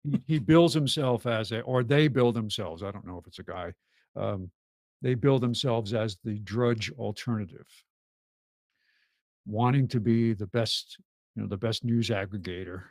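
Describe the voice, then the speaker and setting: A man co-hosting a radio talk show, chatting in a rambling, animated way. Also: lowish voice, normal speed, no echo, studio quality. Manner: rambling, animated, laughs easily. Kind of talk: casual chat.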